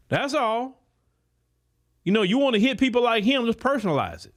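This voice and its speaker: A man's voice: extremely high pitch, sing-song, moderate pace, long pauses, a bit bright. A man hosting a podcast, giving a political commentary monologue in an emphatic, preachy way, talking straight to his listeners with loose, repetitive phrasing. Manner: colloquial, many repeated words. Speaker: podcast host.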